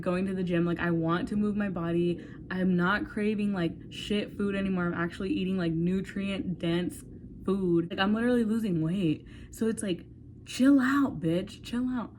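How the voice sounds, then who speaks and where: A woman's voice: fairly low pitch, darkish tone, a little hiss or hum. A woman in her twenties talking candidly to her phone in a rambling, casual vlog, swearing freely and saying "like" often. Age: 20s. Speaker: vlogger. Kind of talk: casual talk to camera.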